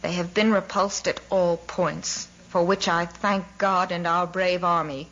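A woman's voice: lowish voice, fairly even intonation, unhurried, fairly bright tone, lo-fi sound. A woman reading aloud, voicing an emotional, stubborn old male commander who bursts out in choked indignation. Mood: fervent. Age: over 60.

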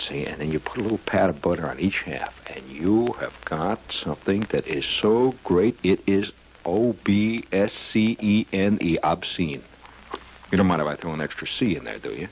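Deep-voiced male radio host, whimsical and digressive, with a lively, bouncing delivery. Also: slightly rough, muffled recording. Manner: whimsical, digressive, full of "uh" and sudden squeaky voices. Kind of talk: rambling comic radio monologue. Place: radio studio.

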